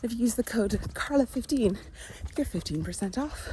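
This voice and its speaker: A woman chatting casually to camera in a vlog, rambling with fillers, at times out of breath while walking fast. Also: a little high, lively intonation, mellow, a little hiss or hum. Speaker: vlogger.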